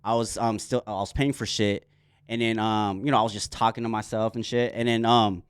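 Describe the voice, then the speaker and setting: Animated, slangy male podcast host. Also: fairly low pitch, brisk, smooth, no echo, studio quality. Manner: animated storyteller, swears freely, slangy. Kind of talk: casual podcast chat. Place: podcast studio.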